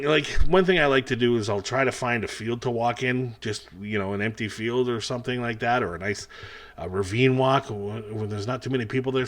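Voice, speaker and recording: A man with a bright, forward voice does a taped stand-up set with no live crowd. He rambles from one thought to the next, pokes fun at himself and fills the set with chatty asides. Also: medium pitch. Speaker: comedian. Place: taped show without live audience.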